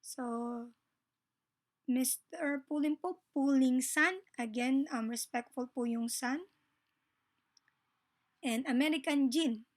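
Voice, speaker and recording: A woman with a Filipino accent teaching a Japanese grammar lesson in a polite, casual way, switching between Tagalog and English and slowing down for the example sentences. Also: high-pitched.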